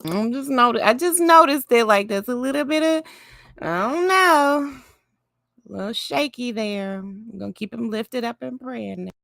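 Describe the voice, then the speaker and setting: Creaky-voiced woman musing. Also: on the high side, fairly bright tone, no echo, clean studio sound. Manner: musing, halting with restarts. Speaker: reaction commentator. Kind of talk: reaction commentary.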